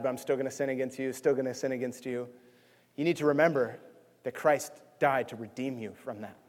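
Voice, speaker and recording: A man preaching with fervor, his voice pitched high and often near a yell before it drops low and earnest. He is a pastor in a church, heard with a long echo off the walls. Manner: passionate, near-yelling preaching with wide swings in loudness. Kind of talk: sermon. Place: church sanctuary.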